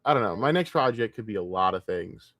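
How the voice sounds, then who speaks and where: A man's voice: lowish voice, lively intonation, a little fast, fairly bright tone, dry recording, studio quality. A man streaming alone, rambling in casual talk with a lot of swearing, trailing off and laughing to himself. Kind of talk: casual solo livestream rant.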